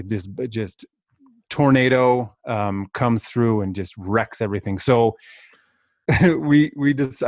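A man's voice: mid-range voice, no room sound, studio quality. A man in his thirties casually telling a rambling, self-deprecating story as a podcast co-host.

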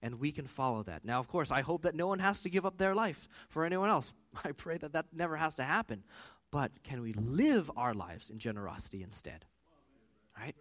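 A man in his thirties preaching a sermon as pastor, with animated storytelling that rises loud for quoted voices. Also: fairly high pitch, a little fast.

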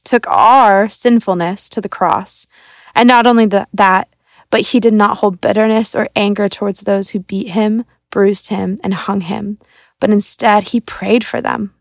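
A woman's voice: mid-range voice, creaky, no room sound. A young woman from a church staff reading a devotional in an earnest, reflective way. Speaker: church creative arts coordinator.

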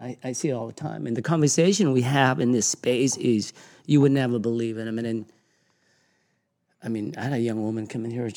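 A middle-aged man hosting a podcast, telling stories in an animated way, swearing freely and laughing along. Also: medium pitch. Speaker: podcast host and gym owner. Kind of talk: casual storytelling.

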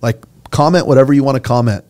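A man's voice: mid-range voice, fast talker, a little mellow. A middle-aged man, a senior pastor, talking earnestly and passionately in a conversational interview. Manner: earnest, impassioned storytelling, gets choked up.

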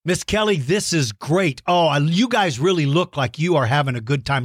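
A man hosting a children's podcast, reading out listener mail with big enthusiasm, warm praise and playful mock-outraged shouts. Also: a little high, animated, normal speed, hardly any pauses, husky, no echo, studio quality. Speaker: kids' podcast host.

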